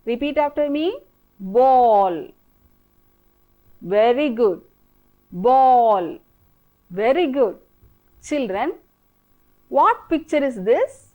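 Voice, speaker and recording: A woman teacher with an Indian English accent, slowly drilling children through an English lesson with repeated prompts. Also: a little high, lively intonation, highs cut off. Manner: slow, repetitive, coaxing drill-style prompting. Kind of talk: televised classroom English lesson.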